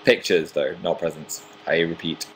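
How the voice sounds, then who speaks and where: A man's voice: low-pitched, steady tone, normal speed, a little hiss or hum. A young man in his twenties casually chatting on a home livestream, reading viewer comments aloud with self-deprecating humor. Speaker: livestream host.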